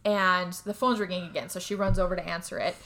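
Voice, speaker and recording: A woman co-hosting a podcast, retelling a movie's plot in a rambling, casual way, full of fillers and quick laughs. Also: on the low side, steady tone, pushed and bright. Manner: rambling, filler-heavy storytelling with frequent laughs. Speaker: podcast co-host recapping a movie. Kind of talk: casual chat.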